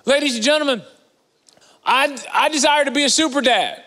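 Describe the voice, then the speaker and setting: Animated high-voiced preacher in a big hall. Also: male voice, moderate pace. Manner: animated, conversational, swinging between loud and hushed. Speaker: guest preacher. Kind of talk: sermon. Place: large church auditorium.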